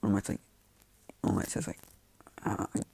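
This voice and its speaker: A man's voice: normal speed, warm tone. A man casually retelling a fan-made story in a loose, rambling way full of fillers.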